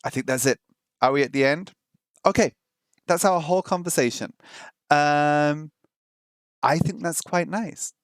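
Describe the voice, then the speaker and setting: A man hosting a language-learning vlog, chatting casually while trying out an app, thinking aloud with frequent ums and slowly sounding out simple phrases as a learner. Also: fairly high pitch, no echo, clean studio sound. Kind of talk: casual screen-share commentary.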